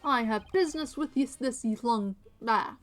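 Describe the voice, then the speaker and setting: A woman doing a loud overeager male detective. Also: on the high side, measured pace, close to an everyday voice. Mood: zealous. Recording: faint music behind.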